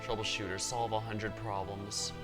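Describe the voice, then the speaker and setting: A man streaming a video game, thinking aloud in a relaxed, musing way as he plays. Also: on the low side, normal speed, loud music behind the voice. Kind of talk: live gameplay commentary.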